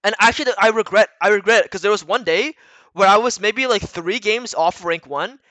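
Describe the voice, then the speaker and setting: Male streamer-coach, sharp bright voice, blunt and rambling, swears freely. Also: high-pitched, fairly quick, dry recording. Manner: blunt, profane, rambling with restarts. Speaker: retired pro gamer coaching viewers. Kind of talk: casual livestream coaching talk.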